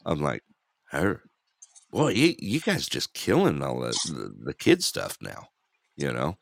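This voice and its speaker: A man's voice: extremely low pitch, huge pitch swings, a little slow, vocal fry, no room sound, clean studio sound. A man hosting a casual radio show, chatty and laughing often, with plenty of fillers.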